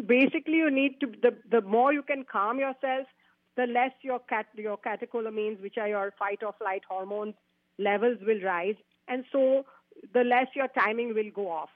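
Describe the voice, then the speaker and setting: A woman's voice: a little high, moderate pace, no room sound. A woman golf instructor, a guest on a radio show, chatting casually, laughing often and restarting her phrases. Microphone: phone call. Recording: tinny dry phone line.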